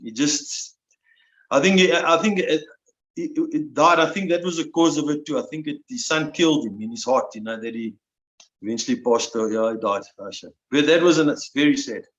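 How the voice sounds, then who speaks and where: A man in his sixties, a veteran guest telling his story in an emotional, halting way, often restarting and repeating words. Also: on the high side, fairly bright tone. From South Africa. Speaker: interview guest, army veteran. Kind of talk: personal storytelling. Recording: roomy, dull lo-fi sound.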